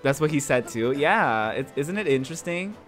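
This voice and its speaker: A man's voice: fairly high pitch, animated, moderate pace, fairly bright tone, soft background music. A man from northern Portugal, chatting casually and rambling while he streams a game, often repeating his words. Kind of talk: casual chat while gaming.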